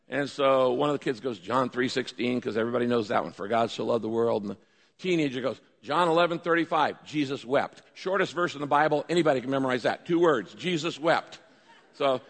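A man preaching a sermon as a pastor, animated, acting out pleading prayers with his voice rising. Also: mid-range voice. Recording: long reverb of a large hall.

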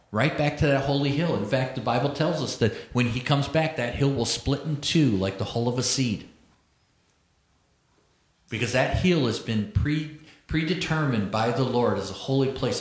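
A man preaching a sermon, reading scripture slowly and explaining it with conversational asides. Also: medium pitch. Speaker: pastor. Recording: echoey room.

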